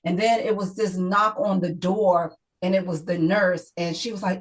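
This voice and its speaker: A woman's voice: fairly low pitch, steady tone, normal speed, rough recording. A middle-aged woman, a guest author, telling an emotional personal story in an interview, often repeating herself and quoting others.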